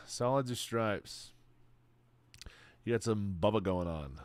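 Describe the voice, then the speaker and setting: A man's voice: fairly low pitch, expressive, takes it slowly, no echo. Laid-back male streamer, dry sound. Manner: laid-back, chatty, swears casually. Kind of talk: casual livestream chat.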